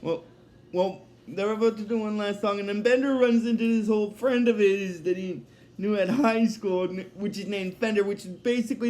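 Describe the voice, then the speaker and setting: A man's voice: high voice, dark tone. A man casually recapping a cartoon episode, rambling, often restarting his sentences and laughing at his own retelling.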